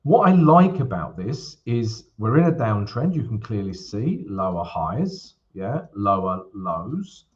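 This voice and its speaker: His fairly low voice has a sing-song lilt, moving slowly with hardly any pauses, and the recording sounds muffled. The man is hosting a live trading stream, greeting viewers and chatting cheerfully through his charts, with lots of "right?" thrown in.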